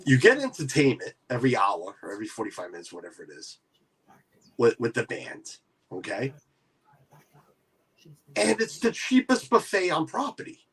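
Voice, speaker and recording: A man's voice: medium pitch, huge pitch swings, moderate pace, long pauses, a bit bright, slight background noise. A man hosting a casual livestream chat, rambling with many restarts. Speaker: livestream host.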